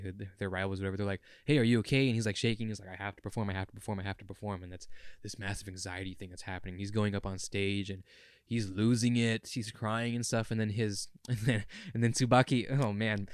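A man's voice: lowish voice, clear, resonant tone, no echo, studio quality. A young man co-hosting a podcast, talking in an earnest, rambling and emotional way. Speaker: podcast co-host. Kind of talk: casual chat.

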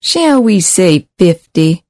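A man's voice: high voice, sing-song, slow pace, a little mellow, no room sound, studio quality, voice pushed up, exaggerated voice. A man doing a nasal, smug pimp. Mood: smug mocking. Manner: sly and mocking. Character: nasal, smug male pimp speaking through a bot.

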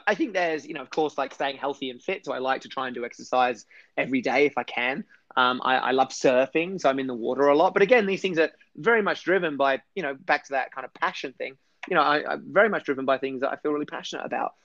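A man's voice: mid-range voice, fast, a bit bright, dry recording, highs cut off. Enthusiastic man chatting in an interview. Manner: enthusiastic, rambling with restarts. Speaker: podcast guest. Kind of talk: casual interview conversation.

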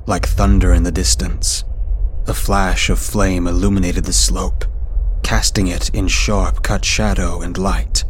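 A man reading a scripted horror story in a steady, measured way. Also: deep voice, slight background noise. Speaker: story narrator.

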